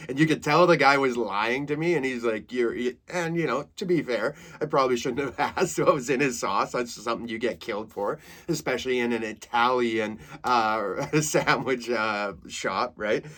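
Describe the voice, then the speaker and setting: A man in his thirties tells comedic stories on his podcast. He is lively and loose, his voice sits in a mid-range pitch, and he laughs along with his own jokes. He drops curse words into the story without a second thought. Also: normal speed, few pauses. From Saskatchewan, Canada. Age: 30s. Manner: animated, swears freely, laughs through his own stories.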